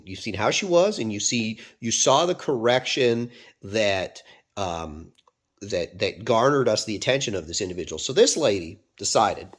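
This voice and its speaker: A man's voice: medium pitch, slightly rough. A man from Canada, a dog trainer, talking casually to camera, with a rambling manner and frequent fillers and restarts.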